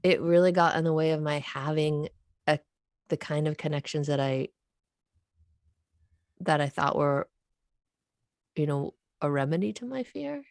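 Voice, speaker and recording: A woman's voice: deep voice, measured pace, gravelly, pauses often, a little mellow, no echo, studio quality. A woman co-hosting a podcast, speaking thoughtfully in casual conversation and animatedly quoting other people. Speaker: podcast co-host.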